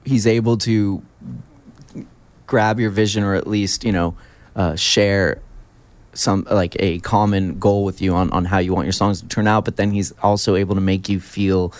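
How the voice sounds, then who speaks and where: A man's voice: lowish voice, level tone, moderate pace, a little mellow, no echo. A man hosting a radio show, chatting casually with guests, laughing easily and restarting his sentences. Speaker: radio host. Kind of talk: casual interview.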